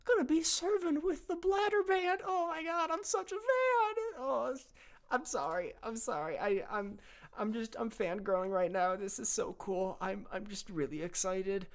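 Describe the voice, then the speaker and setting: Man playing a squeaky, starstruck blood-cell grunt in a tabletop game, stammering with excitement. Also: a little fast, hardly any pauses. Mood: gushing. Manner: gushing, stammering fan. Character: overexcited young white blood cell soldier, starstruck.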